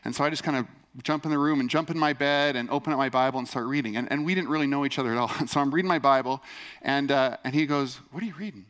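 A man's voice: mid-range voice, steady tone, fast talker, a bit bright. A male pastor delivering a sermon in an earnest, conversational way, telling a personal story and leaning on "and so anyways".

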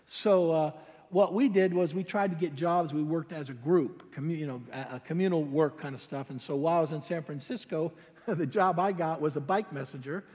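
High-voiced older pastor, animated testimony. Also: male voice. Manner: animated, colloquial, stammering restarts. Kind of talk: sermon testimony storytelling. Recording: long hall reverb.

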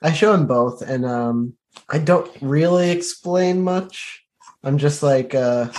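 A man's voice: mid-range voice, a little slow, a little mellow. A man playing a knight in a tabletop game, talking hesitantly with many fillers and restarts. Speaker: player. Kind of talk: tabletop role-play, describing his knight.

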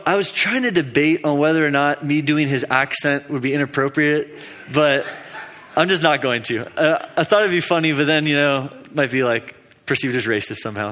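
A young man preaching in a loose, conversational way, his voice sitting a little high for a man. He rambles through a story with fillers and laughs at his own jokes, and a long reverb trails each phrase around the church hall. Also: bright, forceful tone. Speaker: preacher giving a midweek teaching. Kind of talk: casual storytelling sermon.

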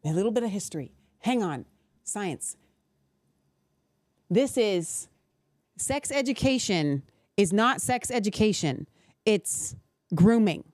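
Woman, podcast co-host, wide-ranging expressive voice, exclaiming, dry close recording. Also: mid-range voice, no room sound. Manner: expressive, exclaiming, quick reactions. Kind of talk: lively podcast chat.

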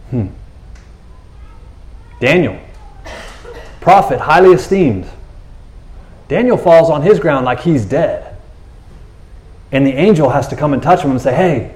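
A male pastor delivering a sermon in a relaxed, conversational tone. His pitch sits a little high for a man and swings widely as he talks, keeping the delivery lively and animated. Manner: animated, conversational, acts out characters.

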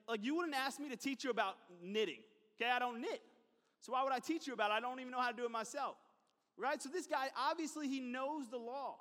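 A man's voice: extremely high pitch, a bit bright. A man preaching a sermon as a pastor, talking in a conversational way with asides and repeated phrases. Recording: long hall reverb.

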